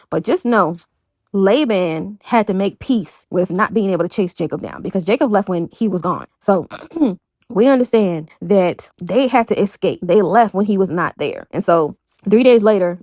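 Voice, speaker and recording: A woman's voice: mid-range voice, moderate pace, a little mellow, dry recording, studio quality. Chatty woman retelling a bible story. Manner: chatty, digressive, fillers like "you know".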